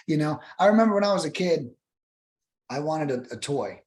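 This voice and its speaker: A young adult man speaking casually as a podcast guest, animated and profane, acting out callers in high voices. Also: moderate pace. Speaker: guest, cold calling expert.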